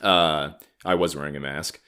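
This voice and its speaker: A man's voice: extremely low pitch, steady tone, normal speed, pushed and bright, clear, resonant tone. A man in his thirties hosting a comedy podcast, delivering an angry, profane, sarcastic rant. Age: 30s. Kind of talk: ranting comedic monologue.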